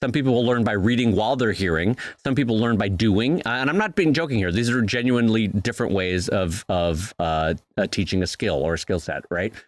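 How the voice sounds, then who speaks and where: A man's voice: fairly low pitch, brisk, hardly any pauses, no room sound. A middle-aged man co-hosting a podcast, teasing his partner and then explaining at length in casual banter. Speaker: podcast co-host.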